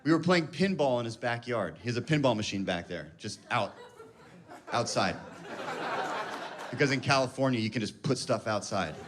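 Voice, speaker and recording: A man's voice: medium pitch, moderate pace, long pauses, a crowd in the background, noisy background. Self-mocking comic in his thirties. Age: 30s. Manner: self-mocking, animated storytelling. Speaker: stand-up comedian. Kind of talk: stand-up storytelling. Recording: live club with audience laughter. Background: audience laughter.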